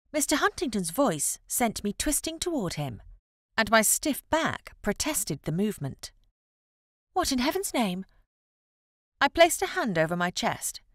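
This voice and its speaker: Woman narrating a romance book, super expressive, dry close sound. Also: mid-range voice, dry recording. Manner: expressive, measured storytelling. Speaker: audiobook narrator. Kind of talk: scripted first-person novel narration.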